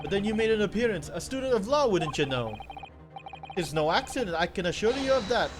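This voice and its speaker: A man voicing a boastful rich older male tycoon in a put-on New York accent, loud and blustering. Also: high-pitched, very animated, fairly quick, noisy background. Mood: coaxing. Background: game music.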